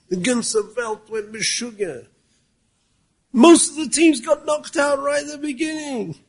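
A man's voice: high voice, breathy edge. A man with a Yeshivish accent giving a Torah talk, full of rhetorical questions, quoting Hebrew sources and at times raising his voice to stress a point. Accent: Yeshivish English with Yiddish and Hebrew words. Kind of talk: Yiddish-laced Torah talk.

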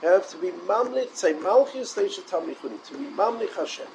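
A man giving a Torah lecture, animated and full of rhetorical questions, mixing in Hebrew and Yiddish terms. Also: high-pitched, fairly quick, gravelly, slight background noise, low-quality recording. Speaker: rabbi.

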